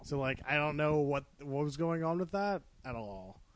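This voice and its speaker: A man's voice: fairly high pitch, animated, moderate pace. A man co-hosting a casual podcast chat, making wry, dry remarks. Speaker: podcast co-host.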